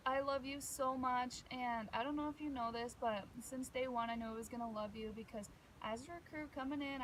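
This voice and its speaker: A young woman leaves a farewell message for a softball teammate. Her voice sits a touch high. She rambles warmly and fills the gaps with fillers, with faint background noise behind her. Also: low-quality recording. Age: young adult. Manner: warm and rambling, many fillers.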